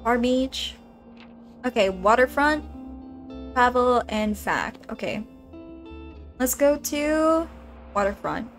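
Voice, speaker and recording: A woman chats casually with viewers during a game stream, rambling and giggling as she plays. She speaks slowly in a highish voice with lively intonation and long pauses, and faint music can be heard behind her.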